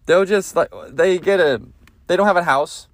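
A man's voice: high-pitched, moderate pace, dry recording. A man hosting a comedy podcast, ranting crudely in a rambling monologue with lots of swearing. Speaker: podcast host.

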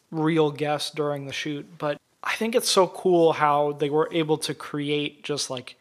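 A man co-hosting a casual podcast, retelling a film scene at length in an animated way. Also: a little high. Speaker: podcast co-host.

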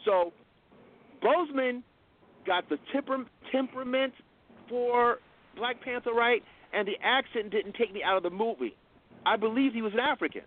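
A high-pitched man hosting a call-in radio show, pressing his point and talking over anyone who cuts in. His voice comes through a narrow, phone-like line. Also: normal speed. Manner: insistent, talks over interruptions.

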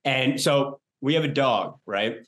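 A man's voice: mid-range voice, measured pace. A man in his thirties hosting a podcast, talking loosely with lots of fillers and casual swearing. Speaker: podcast host. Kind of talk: casual chat.

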